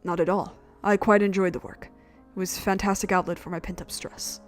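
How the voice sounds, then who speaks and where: A composed young woman , voiced by a woman, speaks in an even, mid-pitched, measured tone with dry politeness. Soft music sits faintly behind the game read-aloud. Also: close to an everyday voice.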